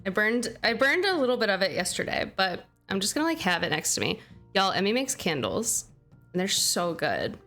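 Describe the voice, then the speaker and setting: A woman's voice: mid-range voice, very animated, normal speed, a bit bright, soft background music. A young woman streaming a game who chats casually and bubbly with her viewers, thanking them by name. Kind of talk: casual livestream chat.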